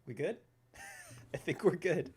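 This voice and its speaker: A man's voice: on the high side, animated, takes it slowly, a little hiss or hum. A man in his thirties hosting a livestream, rambling casually and answering viewers' questions. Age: 30s. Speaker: livestream host. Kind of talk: casual chat on a gaming livestream.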